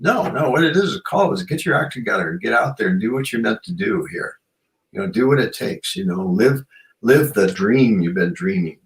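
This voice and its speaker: A man's voice: on the low side, expressive, moderate pace, poor audio. A man talking as a guest in an interview, earnest and musing, often filling with "you know". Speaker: guest author and shamanic practitioner. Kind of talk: reflective interview conversation.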